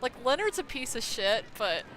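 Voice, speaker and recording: Casual game commentary, outspoken, bright tone, animated pitch, faint noise behind. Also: normal speed. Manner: outspoken, swears freely, laughs. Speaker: streamer. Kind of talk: casual let's-play commentary.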